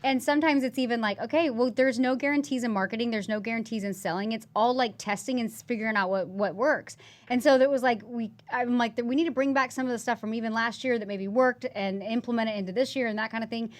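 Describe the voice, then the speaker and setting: A woman's voice: a little high, fairly even intonation, quick pace. A woman in her thirties, a business owner, talking reflectively and casually on a podcast, with some swearing. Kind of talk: candid podcast conversation.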